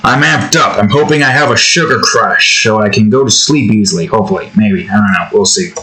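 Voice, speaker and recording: A man's voice: lowish voice, a little fast, sharp tone, a little hiss or hum, rough recording. A man hosting his own channel, chatting casually and rambling in a jokey, profane way full of fillers. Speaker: channel host. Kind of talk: casual rambling chat while drawing.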